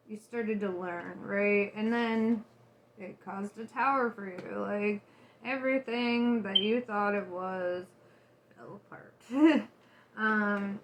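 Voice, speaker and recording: A woman's voice: mid-range voice, fairly bright tone, a little hiss or hum. A woman giving a casual tarot reading, candid and loose, swearing and laughing often. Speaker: tarot reader.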